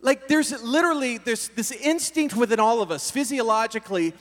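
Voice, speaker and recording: A man preaching a storytelling sermon to young people, acting out scenes with voices and sudden loud bursts. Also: very high voice, brisk. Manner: animated, acts out scenes with voices and sudden shouts. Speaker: youth pastor. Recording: reverberant hall.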